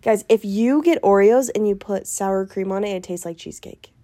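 A woman's voice: mid-range voice, moderate pace, mellow. A woman in her twenties co-hosting a casual chat, telling rambling, bubbly stories. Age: 20s. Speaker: co-host.

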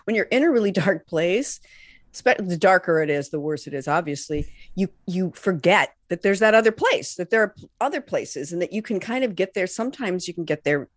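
A woman chatting casually as a co-host, reflective and quick to poke fun at herself. Her voice is somewhat low and moves freely through its range. The recording is close and dry. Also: expressive, no echo. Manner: reflective, self-mocking, laughs often. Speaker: podcast co-host. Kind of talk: casual chat.

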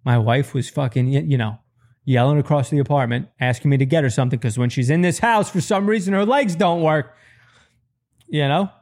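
A man's voice: on the high side, fairly quick. A man in his thirties doing a stand-up comedy set, telling rambling, profane stories and jumping his voice up to act out quotes. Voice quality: profane, rambling storytelling with animated voice jumps.

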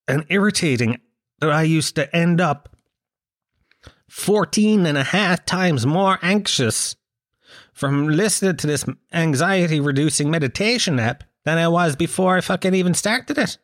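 An Irish man telling a comic, rambling monologue, animated and swearing freely as he asks the listener questions. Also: a little high, normal speed, dry recording, clean studio sound. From Ireland. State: occasional cough.

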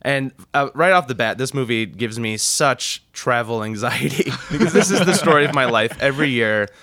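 A man's voice: medium pitch, normal speed, sharp tone, no echo, studio quality. A man from the Chicago suburbs hosting a casual podcast chat, rambling and laughing as he retells scenes. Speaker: podcast host reviewing a film.

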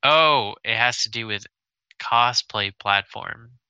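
Rambling man with a crisp, bright voice. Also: mid-range voice, takes it slowly, no echo, dull audio. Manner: rambling, stammers when excited. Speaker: podcast co-host. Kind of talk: casual chat.

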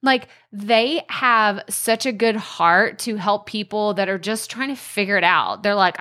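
A woman's voice: medium pitch, a little slow, few pauses, bright, forceful tone. A young adult woman with an East Texas accent, hosting a casual solo podcast from her home, bubbly and chatty. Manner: bubbly and chatty, laughs often. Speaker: podcast host. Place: home room by a window.

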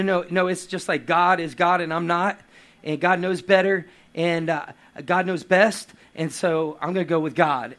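A man preaching a lively sermon with playful asides and acted quotes. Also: high-pitched. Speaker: pastor.

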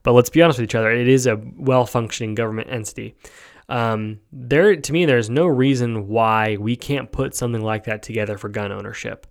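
A man's voice: medium pitch, fairly quick. A man hosting a podcast, talking through his opinions in a rambling way, with lots of fillers and a habit of asking "right?". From United States. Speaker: podcast host. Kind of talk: casual opinion monologue.

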